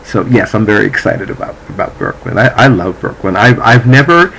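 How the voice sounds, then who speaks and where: A man with a lowish voice talks to his camera at home in a loose, rambling way, swearing freely as he goes. A faint hum of room noise sits behind him. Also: a little fast, vocal fry, a bit bright, low-quality recording. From New Jersey. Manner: chatty, meandering, swears freely. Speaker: vlogger, psychic. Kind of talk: casual rambling chat to camera. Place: at home, indoors.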